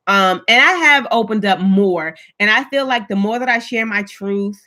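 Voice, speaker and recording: Woman chatting live w viewers, high bright voice, real emphatic. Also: moderate pace, few pauses. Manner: chatty, emphatic, reads and answers viewer comments. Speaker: livestream host. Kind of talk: casual live chat with viewers.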